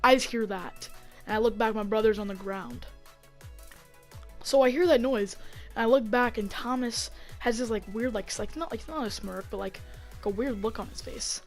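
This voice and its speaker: Rambling high-voiced woman telling a story. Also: normal speed, soft background music. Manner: rambling, heavy on fillers, gets excited acting out the fight. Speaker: vlogger. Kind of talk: storytime vlog. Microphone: desk mic.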